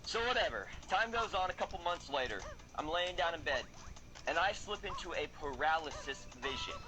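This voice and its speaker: A man telling a personal story in a played clip, acting out quotes with a jump into a high voice. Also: a little fast, rough recording. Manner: lively, acts out quotes in a high voice. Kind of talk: personal story told to camera. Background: clear background music.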